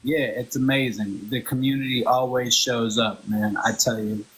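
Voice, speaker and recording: Give me an upbeat male co-host with a husky edge to his voice who keeps up a casual, chatty flow and talks straight to his listeners. His pitch sits in the middle. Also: fairly even intonation, moderate pace, a bit bright, poor audio. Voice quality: upbeat, chatty, addresses the audience directly. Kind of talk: casual live show chat.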